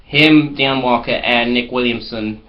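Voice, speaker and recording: A man's voice: mid-range voice, measured pace. A man telling anecdotes in a comedic mock interview, in a boastful, rambling way. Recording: slightly muffled with faint hiss.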